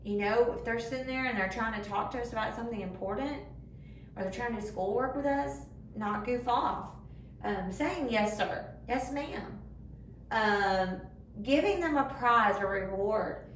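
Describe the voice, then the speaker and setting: A young woman giving a children's sermon in simple, animated words, recorded in a church room. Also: fairly high pitch. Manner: animated, speaks simply to children, acts out voices. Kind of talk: kids' sermon. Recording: echoey room, far from the mic, faint noise.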